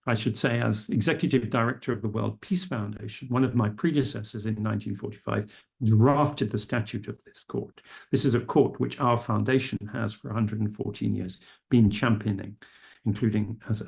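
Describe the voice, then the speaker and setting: A middle-aged man giving a formal lecture, measured and careful, quoting legal texts precisely. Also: mid-range voice, vocal fry, darkish tone, slightly rough. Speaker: speaker at a public health lecture. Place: lecture room.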